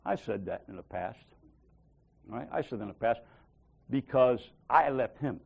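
A man's voice: mid-range voice, very animated, normal speed, vocal fry, darkish tone, breathy edge, highs cut off. A man giving a casual sermon, talking conversationally and acting out little dialogues with God, often checking in with "right?". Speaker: preacher.

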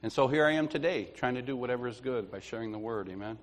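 A man's voice: medium pitch, fast. Guy giving a folksy sermon, laughs a lot, acts out his stories, echoey church. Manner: storytelling, laughs often, acts out others. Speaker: lay preacher. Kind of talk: informal sermon with anecdotes. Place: church sanctuary. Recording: long hall reverb.

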